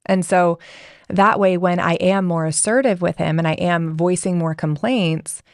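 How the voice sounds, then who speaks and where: A woman's voice: on the low side, fairly even intonation, measured pace, no room sound, studio quality. A woman coach and parent, speaking reflectively in a podcast interview and acting out small dialogue examples. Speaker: guest, communication coach.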